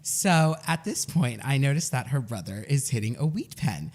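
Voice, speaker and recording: A young man co-hosting a podcast, telling a story in a casual, animated way and laughing often. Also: medium pitch, normal speed, hardly any pauses. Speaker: podcast co-host.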